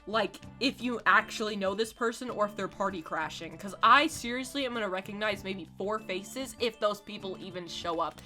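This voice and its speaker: Dramatic ranting young woman, bright voice. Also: medium pitch, lively intonation, normal speed, faint music behind. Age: late teens. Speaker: gaming YouTuber. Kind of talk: storytime chat while playing a game.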